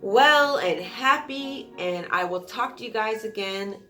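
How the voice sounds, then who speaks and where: Speaking slowly and expressively, this young storytime vlogger has a bright, forceful mid-range voice over faint background music. She recounts a personal experience to her audience with casual candor, cursing freely and imitating quotes with shrieks.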